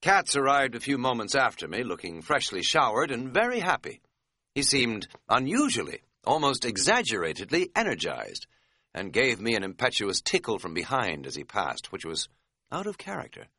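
Wry male audiobook narrator: bright, sharp tone, very lively inflection, dry humor. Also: mid-range voice, normal speed, no room sound.

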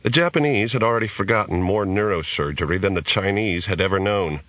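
A man narrating a novel as an audiobook in a measured reading. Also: fairly low pitch, a bit bright, no room sound, low-quality recording. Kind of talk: scripted narration.

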